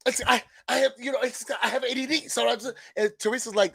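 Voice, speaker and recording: Man, high voice, animated reality-show recap, dry close mic. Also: quick pace, creaky, husky, no room sound. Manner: chatty, animated, acts out quotes.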